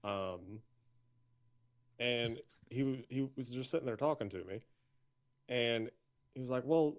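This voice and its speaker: A man telling a casual story in a halting way. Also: medium pitch. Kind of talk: casual chat.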